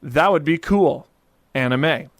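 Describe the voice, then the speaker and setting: A man's voice: a little high, unhurried, no room sound, studio quality. A man co-hosting a podcast in casual chat, playful and teasing as he reads listener messages. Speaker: podcast co-host.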